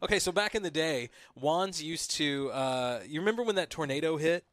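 A chatty man who often laughs while he tells a story, co-hosting a podcast. His voice sits a little above average pitch. The mic is close and dry. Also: expressive, moderate pace, a bit bright, no room sound. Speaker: podcast co-host. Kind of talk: casual banter.

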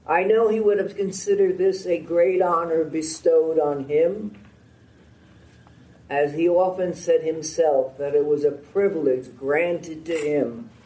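Older man, formal ceremony speech, measured and earnest, slightly high voice, roomy echoing sound. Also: warm tone, recorded from a distance. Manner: slow, measured and heartfelt. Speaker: speaker at a memorial ceremony.

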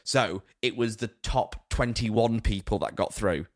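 Podcast co-host, man in his thirties, low voice, dry close sound, relaxed storyteller. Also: unhurried, no room sound. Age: 30s. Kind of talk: casual chat.

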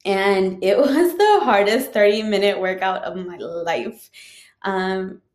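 A woman's voice: medium pitch, slow, darkish tone. Chatty woman telling her story. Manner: chatty, frequent "like" and "um" fillers. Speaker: teacher sharing a personal story. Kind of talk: casual personal storytelling. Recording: roomy echo.

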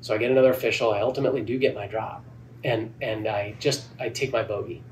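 A man, a golf club head pro, telling a lively story in a podcast interview and acting out the dialogue. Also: lowish voice, quick pace. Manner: animated, acts out quoted dialogue. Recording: distant mic with faint background noise.

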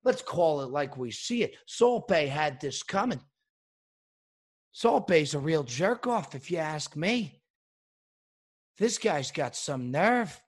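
Husky man on an indignant comic rant. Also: fairly high pitch, very animated, slow pace, pauses often. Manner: indignant, mock-outraged ranting. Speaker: comedic host. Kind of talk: comedic rant.

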